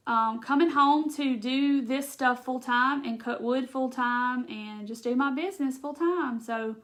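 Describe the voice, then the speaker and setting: A woman's voice: sits high, a bit bright. A woman, chatting casually and a bit rambling as she hosts a live craft stream. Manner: chatty, emotional, rambling with many restarts. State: tearful at times. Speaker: craft livestream host. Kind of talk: casual livestream chat while crafting.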